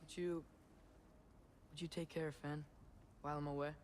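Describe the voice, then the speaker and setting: Give me a man playing an eager teenage boy hero in a video game, a touch high, with faint background hiss. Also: flat delivery, normal speed, natural voice. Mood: earnest.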